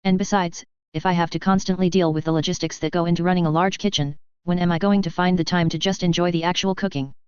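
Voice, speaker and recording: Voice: medium pitch, fairly even intonation, fast talker, few pauses, smooth, no echo, highs cut off, natural voice. Cole, a narrator reading a wry young male student. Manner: wry, understated.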